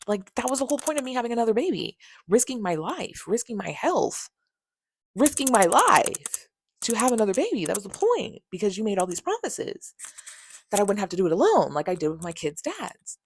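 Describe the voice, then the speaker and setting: A woman's voice: medium pitch, sing-song, a little fast, husky. A woman in her thirties telling a personal story in a vlog, candid, exasperated and sarcastic, swearing freely. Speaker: vlogger.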